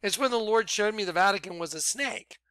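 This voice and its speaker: High bright-voiced guy rambling thru an excited testimony, yells sometimes. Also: brisk, smooth, no echo. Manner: excitable, rambling, bursts into shouts. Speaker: ministry leader.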